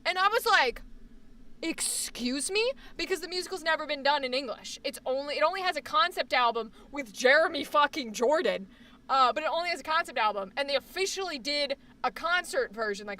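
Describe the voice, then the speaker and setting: A young woman chats casually on her live stream, rambling from one thought to the next in a high, bright voice. She swears freely and bursts out loudly now and then. She sits a little away from the mic, and there's a faint hiss or hum.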